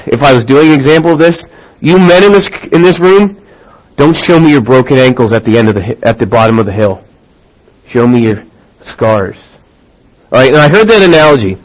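A man's voice: fairly high pitch, poor audio. A man preaching a sermon, telling an illustration with growing intensity and checking in with "all right?". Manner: animated storytelling, rising in intensity; addresses listeners with "all right?".

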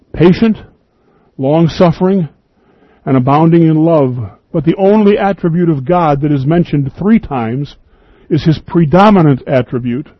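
A man's voice: on the high side, dry recording, highs cut off. A man preaching an earnest, emphatic radio sermon, reading scripture and quoting at length.

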